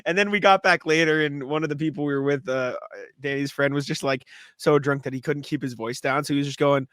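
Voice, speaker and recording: A man's voice: a little high, steady tone, fairly quick, fairly bright tone, dry recording. A young man co-hosting a podcast, telling a drunken night-out story with laughs and plenty of swearing. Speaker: podcast co-host. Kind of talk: casual chat.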